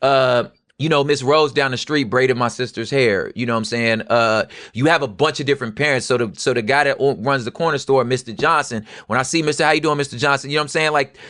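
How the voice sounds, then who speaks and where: A young adult man gives animated, casual history commentary. His talk jumps from low murmured asides to loud, heated bursts. The recording is dry and close, with no room sound. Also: quick pace, few pauses, no echo. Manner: animated, swings from quiet asides to loud street-talk outbursts. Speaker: podcast co-host.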